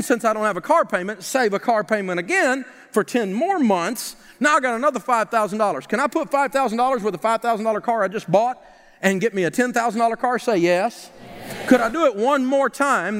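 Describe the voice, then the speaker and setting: A man giving a live financial seminar to an audience, animated and mocking, firing off rhetorical questions. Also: very high voice, a little fast. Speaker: financial seminar speaker and radio host. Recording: long reverb of a large hall.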